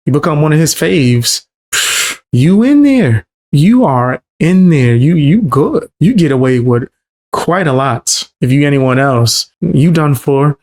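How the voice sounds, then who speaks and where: A man talks over clips in a loose reaction-commentary style. His voice sits at an ordinary middle pitch, and his delivery is slangy, mocking and incredulous. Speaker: commentary channel host.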